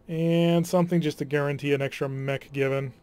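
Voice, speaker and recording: A man's voice: on the high side, fairly even intonation, brisk, a little mellow, smooth, no echo, faint music behind. A man commenting casually on his strategy game playthrough, chatty and wry, sighing at setbacks. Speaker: let's play host.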